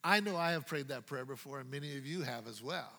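A male pastor preaching a sermon in a playful, dynamic way, swinging from loud to hushed. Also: mid-range voice, fast, big-room sound.

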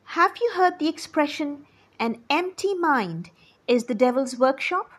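A woman teaching children, telling a story slowly and explaining each new word as she goes. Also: sits high, animated. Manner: slow and explanatory, defining words as she goes.

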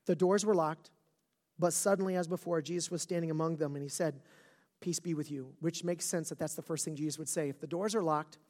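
Emotional pastor preaching in slangy casual style. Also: mid-range voice. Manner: casual slang, swings from hushed near-whisper to loud fervent emphasis. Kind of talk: sermon. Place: church service before a live congregation.

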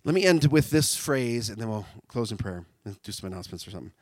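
A man preaching a sermon, animated, swinging from loud shouts down to quiet, intimate tones. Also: on the low side, fast, dry recording.

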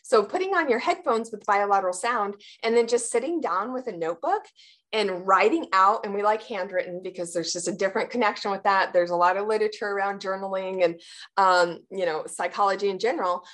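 An animated woman talks casually in an interview about her work with athletes. She often slips into her clients' voices and laughs as she explains. Her pitch sits in a middle range for a woman. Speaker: sports performance practitioner.

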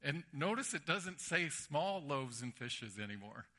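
A man's voice: on the high side, measured pace. A man preaching a sermon, telling stories animatedly and acting out the voices. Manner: animated storytelling with acted-out voices.

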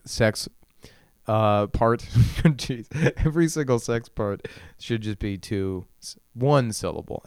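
A man's voice: on the low side, darkish tone, clear, resonant tone, no echo, clean studio sound. A young man hosting a solo comedy podcast, ranting crudely in a rambling way and often laughing at his own jokes. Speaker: podcast host.

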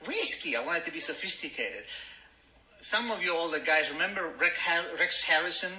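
Brief older Argentine-accented man, slightly high, very bright tone, wry self-mocking storyteller, echoey room. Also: expressive, moderate pace. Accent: Argentine Spanish. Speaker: speaker at a recovery meeting. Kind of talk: personal story told to a meeting.

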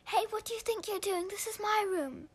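An exasperated young girl defending her own room, as a woman voices her in a story. She argues back with indignant, rising protests. The voice stays bright and a little high. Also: unhurried.

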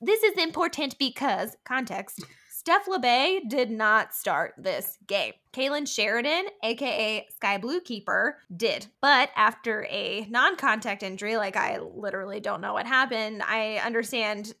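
A woman's voice: on the high side, expressive, measured pace, few pauses, pushed and bright. A young woman co-hosting a podcast, chatting casually about a soccer match, swearing and laughing often. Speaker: podcast co-host. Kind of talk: casual sports chat.

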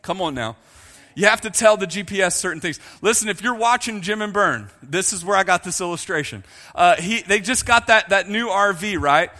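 A man's voice: high voice, normal speed, big-room sound. A man preaching a sermon, joking with his congregation and talking to them directly. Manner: jokey, animated, talks to the congregation. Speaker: pastor.

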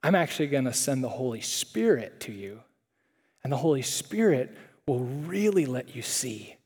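A man voicing a patient, gently exasperated male teacher who speaks softly and explains things calmly. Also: medium pitch, moderate pace, slightly rough, in a large hall, pitched below the performer's own voice.

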